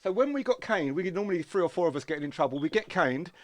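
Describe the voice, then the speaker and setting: Brief: middle-aged bloke, podcast co-host, lively storyteller, higher voice, dry close sound. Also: male voice, rapid-fire, no echo. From South London, England. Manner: animated storytelling, interrupts with "hold on" and "mush". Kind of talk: casual chat.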